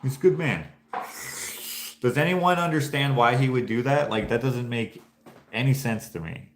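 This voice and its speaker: A man's voice: mid-range voice, moderate pace, slight background noise. A man hosting a casual vlog, musing and thinking aloud in a loose, rambling way with many restarts. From Canada. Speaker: painter and channel host. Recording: echoey room.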